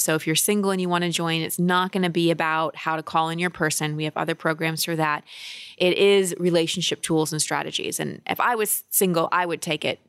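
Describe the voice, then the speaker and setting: A woman's voice: lowish voice, no room sound, studio quality. A woman relationship coach co-hosting a casual podcast chat, talking in an earnest, upbeat way.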